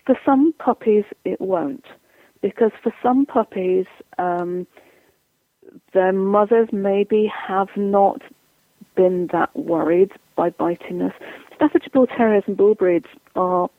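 Over a tinny, dry phone connection, a woman who trains dogs offers advice in an interview. Her voice is mid-range and slow, and she explains things in a chatty way, voicing both owners and their dogs.

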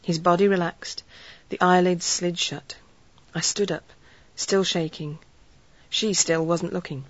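A woman narrating a story in an earnest, measured storytelling way. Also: on the low side, fairly even intonation, dry recording, muffled recording. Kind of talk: audiobook narration.

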